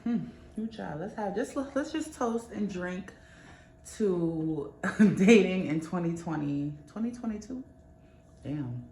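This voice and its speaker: A woman's voice: lowish voice, expressive, slow pace, mellow, echoey room, a little hiss or hum. A young woman vlogging in a casual, candid chat, swearing freely as she tells a story. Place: New York.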